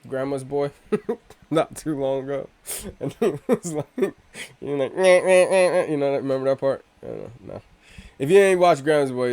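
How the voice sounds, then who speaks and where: A man talks straight to the camera in a loose, rambling way, dropping slang and curses and drifting off topic before pulling himself back. His voice sits at an ordinary middle pitch. The recording is dry, with no room sound. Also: a little mellow, no room sound. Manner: rambling, profane, self-interrupting with slang. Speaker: crypto video host. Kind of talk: casual rambling vlog talk.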